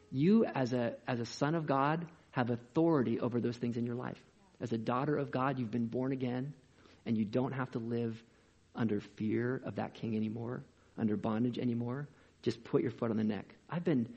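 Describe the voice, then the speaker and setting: A male pastor delivers a sermon with a husky voice at a middle pitch. He talks in an energetic, conversational way, full of rhetorical questions. The recording is dull and lo-fi.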